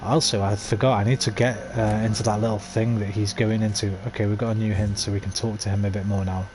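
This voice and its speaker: A man's voice: fairly low pitch, level tone, fast, over music, rough recording. Chatty male streamer on a headset. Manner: chatty, self-deprecating, laughs often. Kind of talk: casual gameplay commentary, reading letters aloud.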